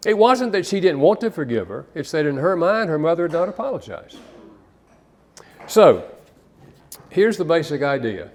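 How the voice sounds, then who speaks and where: A man's voice: fairly high pitch, sing-song, normal speed, pauses often. Guy giving a relationship seminar, chatty storyteller, trips over words now and then. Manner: conversational, storytelling, some repeated restarts. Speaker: counselor giving a seminar talk. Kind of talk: live seminar talk with anecdotes.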